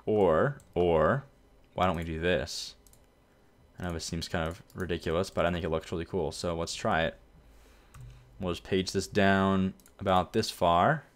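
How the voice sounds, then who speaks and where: A man casually commenting while playing a city-building game, rambling and correcting himself as he goes. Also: low voice. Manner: relaxed, rambling, self-correcting. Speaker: gameplay video host. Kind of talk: casual let's-play commentary.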